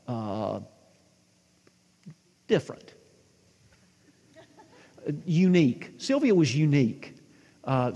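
A man's voice: mid-range voice, darkish tone, big-room sound. A man in his sixties preaching a sermon, telling stories with animation and asking the congregation questions. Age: 60s. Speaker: pastor.

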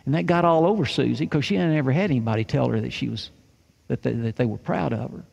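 A man's voice: medium pitch, quick pace, gravelly, a little mellow, highs cut off. A male pastor preaching a sermon in an earnest, folksy way, telling a story and repeating phrases for emphasis. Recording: long church hall reverb.

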